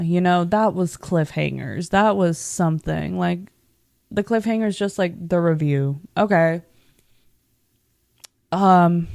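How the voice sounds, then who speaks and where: A woman's voice: lowish voice, a little mellow, no echo, clean studio sound. A young woman hosting a casual chat, rambling and swearing freely with constant filler words. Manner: rambling, profane, heavy use of "like". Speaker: podcast host.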